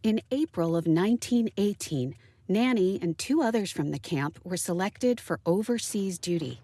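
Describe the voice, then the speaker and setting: A calm granddaughter narrator with a mellow tone. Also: female voice, medium pitch. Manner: calm, measured, even storytelling. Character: adult granddaughter calmly telling her grandmother's story. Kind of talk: scripted documentary narration.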